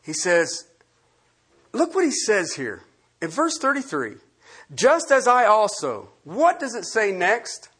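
A man's voice: sits high, huge pitch swings, slow pace, a bit bright, slightly rough. A man preaching a sermon as pastor, emphatic and quizzing the congregation with questions.

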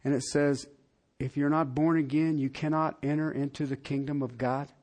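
A man preaching a sermon, asking the congregation direct questions and swinging from loud emphatic lines to quiet ones. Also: on the high side, flat delivery, normal speed. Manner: talks straight to the congregation with rhetorical questions. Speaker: pastor.

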